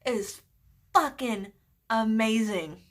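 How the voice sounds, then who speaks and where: A beauty vlogger chats casually in a makeup vlog, her voice a little high and her pace slow. She gushes over products, swears freely, and sometimes drops into whispers.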